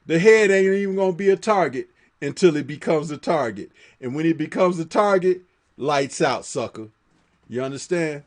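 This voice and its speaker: High-voiced man hosting rowdy boxing chat. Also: normal speed. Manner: animated, laughs often, profane, reads chat aloud. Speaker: boxing talk host. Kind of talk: live-stream boxing chat.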